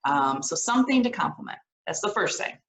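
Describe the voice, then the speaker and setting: A woman leading a social skills lesson for students, animated and often checking in with short questions. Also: deep voice, fairly quick. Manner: animated, keeps checking in with "okay?". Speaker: program director teaching social skills. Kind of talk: lively classroom video lesson. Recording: echoey room.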